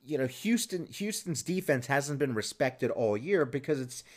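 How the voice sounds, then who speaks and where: A man's voice: medium pitch, lively intonation, normal speed. A man hosting a sports podcast, talking casually and rambling with many restarts and fillers. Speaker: podcast host.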